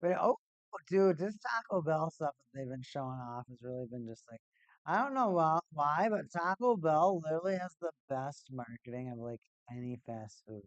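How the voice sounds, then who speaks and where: A man's voice: on the high side, animated, moderate pace, dry recording, dull audio. Laid-back man with a dry, close voice. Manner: rambling, laid-back, repeats himself. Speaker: live-stream host. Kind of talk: casual hockey watch-party chat. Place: at home, in a cold room.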